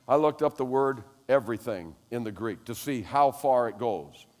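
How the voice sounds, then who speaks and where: An older man preaching a sermon as pastor, telling animated stories that rise to loud exclamations. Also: mid-range voice, normal speed, long reverb tail.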